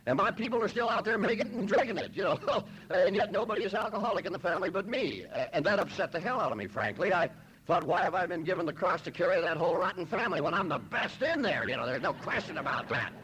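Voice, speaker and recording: A man from Los Angeles shares his personal story at a recovery meeting, in a fairly high voice with a lively, swooping pitch. His delivery is wry and self-mocking, with frequent "you know"s and throat clearing. A faint hiss of noise sits under the recording. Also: fast talker, low-quality recording. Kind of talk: humorous personal testimony.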